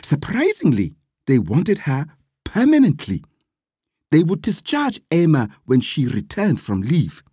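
A slow, expressive storyteller whose pitch swings widely through the tale. The voice is husky and recorded close and dry. The reading is lively and dramatic. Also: no room sound. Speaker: narrator.

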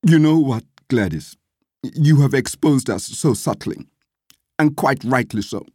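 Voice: mid-range voice, lively intonation, unhurried, a little mellow, breathy edge, no echo, clean studio sound. A narrator voicing a wealthy male employer who apologizes tearfully to his maid. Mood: contrite.

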